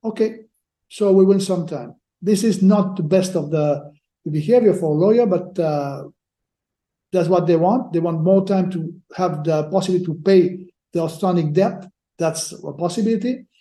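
High-voiced man, dark tone, roomy sound. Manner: halting, repeats words while searching for phrasing. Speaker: sports lawyer guest. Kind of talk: podcast interview answers. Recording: roomy echo.

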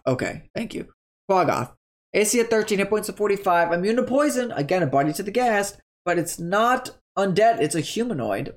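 A tabletop game creator casually explaining monster stats in a chatty, rambling way, often stopping to correct themselves. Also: mid-range voice.

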